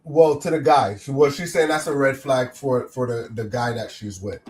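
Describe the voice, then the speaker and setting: A man's voice: medium pitch, normal speed. A man moderating a casual panel debate, summarizing the clip and prompting the others.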